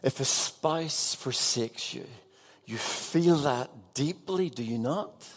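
Male pastor, mid-range voice, unhurried sermon delivery, earnest, questions the congregation. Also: mid-range voice, animated, husky. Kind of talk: evening sermon.

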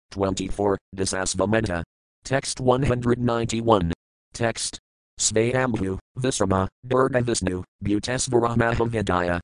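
Low, smooth-voiced man reading scripture. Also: no room sound, rough recording. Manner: measured, deliberate recitation. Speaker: scripture reader. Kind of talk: reading scripture verses with word-by-word glosses.

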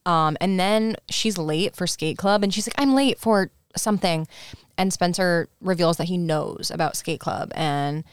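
A woman's voice: lowish voice, fairly even intonation, moderate pace, few pauses, smooth, dry recording. A young woman co-hosting a podcast, chatting casually and retelling a film scene by acting out the characters' lines. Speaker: podcast co-host. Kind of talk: casual chat recapping a film.

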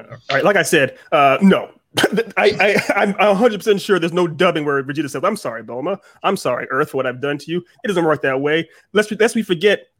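A man's voice: high voice, fairly bright tone, no echo, clean studio sound. A man arguing his side in a heated casual debate, incredulous and repeating himself when fired up.

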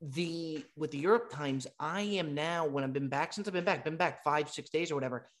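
A man co-hosting a casual podcast, who talks haltingly with many restarts. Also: on the high side. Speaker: podcast co-host. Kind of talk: casual chat.

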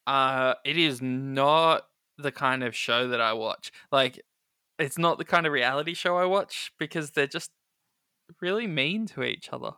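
A man's voice: mid-range voice, measured pace, sharp tone, clean tone, no room sound, clean studio sound. A man co-hosting a podcast in casual chat, talking loosely with many fillers and little laughs. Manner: chatty, filler-heavy, amused. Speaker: podcast co-host.

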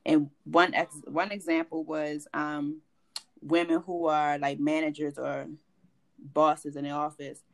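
Lower-voiced candid woman podcaster. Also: slow pace. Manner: candid and expressive, acts out quotes, laughs. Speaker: podcast cohost. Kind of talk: casual chat.

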